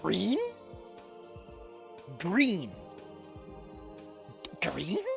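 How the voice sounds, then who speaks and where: A young man streaming a game and ranting, excitable and swearing, jumping from loud outbursts to low muttering. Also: takes it slowly, gravelly, long pauses, muffled recording, faint music behind. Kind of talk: live reaction commentary.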